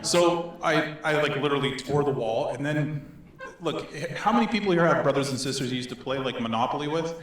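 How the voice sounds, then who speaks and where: A middle-aged man from Northern Alberta telling a story to an audience, animated and laughing as he acts out the voices in it. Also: medium pitch, brisk. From Northern Alberta, Canada. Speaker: speaker. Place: synagogue hall. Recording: echoey hall.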